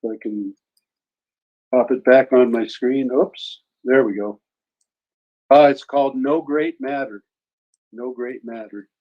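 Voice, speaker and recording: A man joining an online English lesson as a guest, chatting casually and reading a poem in a slow, thoughtful way. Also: medium pitch, fairly even intonation, lo-fi sound. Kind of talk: casual chat, reading his own poem.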